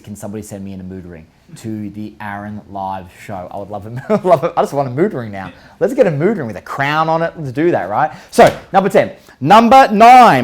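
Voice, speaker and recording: A man hosting a live online show, counting down a list in an energetic, joking way, firing rhetorical questions at viewers and now and then swearing. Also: medium pitch. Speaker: show host.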